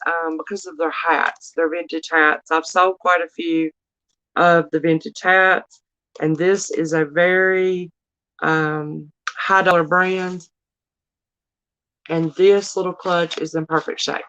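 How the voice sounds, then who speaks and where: A Southern woman with a drawl runs a live-stream auction, chatting casually and speaking right to her viewers, whom she calls y'all and darling. Her voice is fairly low and a bit bright, with a clean tone.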